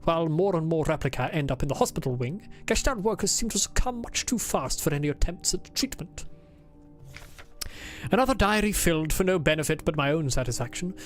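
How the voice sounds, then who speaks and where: A woman's voice: deep voice, expressive, brisk, soft background music. A woman voicing a pompous, insufferable male officer as she reads his game diary aloud in a stiff, formal put-on accent.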